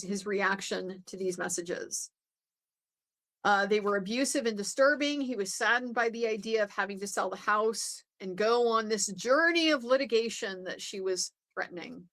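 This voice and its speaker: A woman's voice: medium pitch, fairly bright tone. Conversational woman recapping a trial. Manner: conversational, many fillers and restarts. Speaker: legal commentator. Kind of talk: casual recap commentary.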